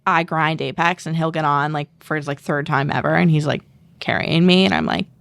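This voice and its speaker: A woman's voice: low voice, lively intonation, brisk, gravelly, a bit bright, a little hiss or hum. A young woman talking as a podcast guest, chatty and full of fillers, acting out what others said. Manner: chatty, many fillers, acts out quotes. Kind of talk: casual chat.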